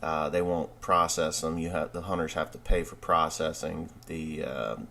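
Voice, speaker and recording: A middle-aged farmer man with a very low voice talks casually for his vlog. He is blunt and wry and swears freely. Faint background noise sits under him. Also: steady tone, normal speed, gravelly, sharp tone.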